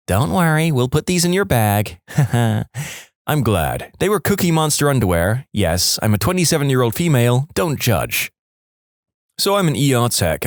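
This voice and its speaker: Lively man reading stories. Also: mid-range voice, no room sound, clean studio sound. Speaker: story narrator. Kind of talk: reading submitted stories aloud.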